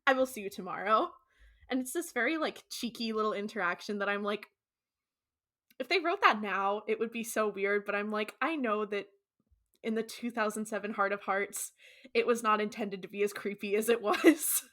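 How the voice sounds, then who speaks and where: A woman's voice: mid-range voice, normal speed, fairly bright tone. A woman with a Californian accent co-hosting a podcast, recapping an episode in a chatty way, laughing often and acting out the characters' lines. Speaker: podcast co-host.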